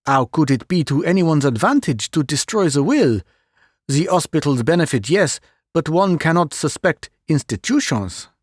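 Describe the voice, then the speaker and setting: A man voicing a fussy, vain, excitable middle-aged Belgian detective who drops French phrases, in an audiobook reading. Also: fairly high pitch, normal speed, breathy edge, dry recording, studio quality.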